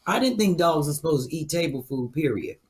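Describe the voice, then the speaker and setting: A woman's voice: low-pitched, lively intonation, a little fast, a little mellow, a little hiss or hum. A woman filling in as a podcast co-host, sassy and blunt, who swears freely. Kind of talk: casual chat.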